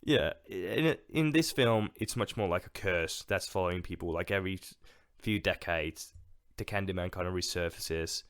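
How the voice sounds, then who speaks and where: Speaking at normal speed with few pauses, this co-host has a low but fairly bright voice. He discusses films casually on a podcast, hesitant and full of fillers and restarts, recorded in a clean studio with no room sound.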